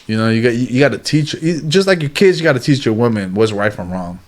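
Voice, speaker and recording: A man's voice: mid-range voice, quick pace. A man as an interview guest, talking in casual street slang, bluntly and animatedly, dropping "bro" and "like" all the time. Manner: animated storytelling, acts out quotes.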